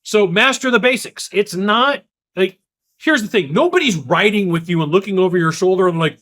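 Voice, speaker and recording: High-pitched, emphatic man coaching on sales. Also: a bit bright. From Kentucky. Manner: emphatic, repetitive, acts out quick voices of others. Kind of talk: energetic solo sales advice talk.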